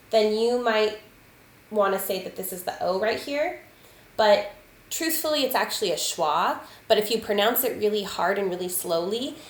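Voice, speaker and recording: A woman teaching a spelling lesson to children, patient and deliberate, sounding out letters and counting aloud. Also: mid-range voice. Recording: echoey room, faint ambient noise.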